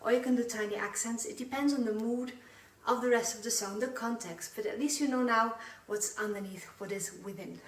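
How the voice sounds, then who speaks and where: A woman's voice: a little high, brisk, distant mic. A woman teaching a live online belly dance class, counting beats aloud while she dances and slightly out of breath. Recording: roomy sound from away from the mic, loud music. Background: loud Middle Eastern music.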